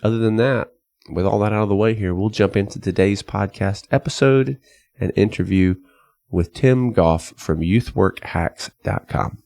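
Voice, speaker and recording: A man's voice: lowish voice, normal speed, vocal fry, darkish tone, no echo, clean studio sound. Chatty American man hosting a podcast. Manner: chatty, self-deprecating, many fillers and restarts. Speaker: podcast host, youth pastor. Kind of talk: casual podcast interview.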